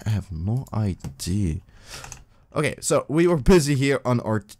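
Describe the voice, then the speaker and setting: A man sits at his desk mic and talks his way through a video game. His voice sits in an ordinary middle pitch, and he rambles in a loose, filler-heavy let's-play manner. Every so often he shoots up into excited yelps. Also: unhurried. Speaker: gaming video host. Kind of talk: casual let's-play commentary.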